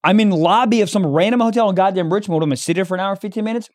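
A young man co-hosting a podcast, telling a story in casual chat, animated and profane, acting out the dialogue. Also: sits high, rapid-fire. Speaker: podcast co-host.

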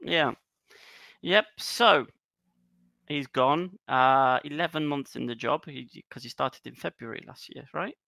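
On a casual football podcast, a Cypriot co-host runs through the week's news, joking, punning and laughing often. His mid-range voice is a little slow, creaky, pushed and bright, recorded dry.

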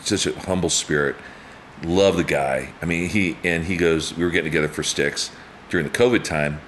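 At a normal speed, a male guest in his fifties recounts stories in casual conversation, acting out quotes with big pitch swings and laughing often. A little hiss or hum sits under the recording.

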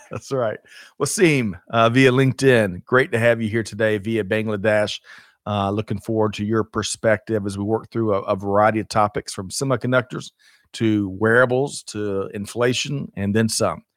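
A man's voice: fairly low pitch, steady tone, normal speed, no room sound, studio quality. A man co-hosting a livestreamed show in casual chat, upbeat and chatty, with frequent laughs and fillers. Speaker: co-host of a livestreamed supply chain show.

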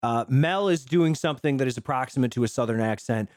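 A man casually chatting about a movie as podcast co-host, animated and laughing easily. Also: mid-range voice, no room sound, clean studio sound. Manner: animated, laughing, does quick impressions. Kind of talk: casual movie review chat.

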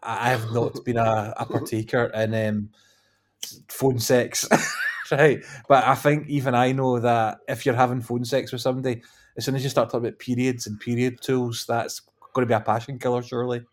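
A man in his thirties, co-hosting a podcast in relaxed banter. His voice sits mid-pitch, and he tells stories with sweary humour and frequent laughs. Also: normal speed. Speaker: podcast co-host. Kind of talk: casual chat.

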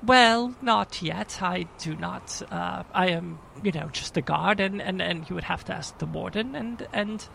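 A man's voice: high voice, measured pace, gravelly, few pauses, bright, forceful tone, heavily acted, low-quality recording. A man playing a pompous, stammering prison guard in a tabletop game, condescending and self-righteous, over faint noise. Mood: lecturing. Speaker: game master. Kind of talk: in-character tabletop role-play.

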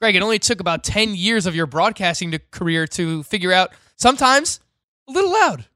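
Bright high-voiced guy, sports pod cohost, opinionated and teasing, dry close sound. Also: lively intonation, a little fast, dry recording. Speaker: sports podcast co-host. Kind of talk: casual sports analysis.

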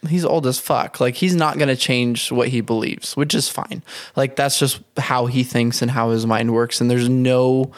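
Animated young man in casual chat. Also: medium pitch, moderate pace, dry recording, clean studio sound. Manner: animated, talks in bursts with many fillers.

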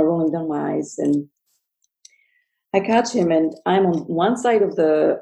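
A woman with a low-set voice and a gravelly fry tells a personal story as a guest. Her tone is mellow and dark. She talks earnestly and often stops to restart a word. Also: low-quality recording. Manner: earnest, halting, with frequent restarts.

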